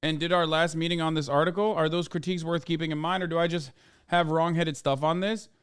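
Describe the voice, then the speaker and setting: Sarcastic, profane streamer man, smooth voice. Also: a little high, quick pace. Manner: profane, sarcastic, animated rant. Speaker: streamer reacting to a video. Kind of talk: casual reaction stream.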